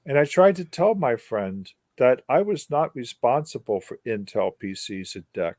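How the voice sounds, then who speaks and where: An older man speaks as a guest, spinning a long anecdote with wry humor and emphatic repeated words. His voice sits at a middle pitch and is recorded dry and close. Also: moderate pace, few pauses, no room sound. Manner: wry, animated storyteller with emphatic repetition. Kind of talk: storytelling in an interview.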